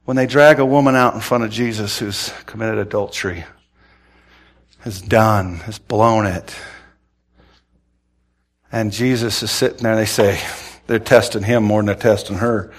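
A man preaching a sermon, telling stories in a folksy, conversational way and swinging from hushed tones to shouting. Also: medium pitch, a little slow, pauses often. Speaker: pastor.

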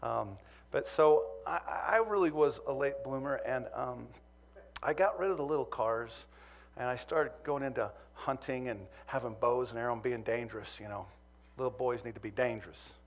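A man's voice: mid-range voice, moderate pace. A man from Montana preaching a sermon, telling a humorous personal story that turns earnest. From Montana, USA.

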